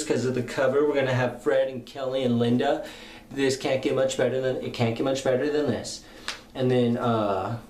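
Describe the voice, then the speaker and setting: A young man with a middle-pitched voice rambles casually through a comic recap, full of "uh"s and loose paraphrased dialogue. He sounds like he's in an echoey room, with a faint hum of ambience underneath. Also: darkish tone. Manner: loose, rambling retelling with many fillers. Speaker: comic book reviewer. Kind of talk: casual spoken review.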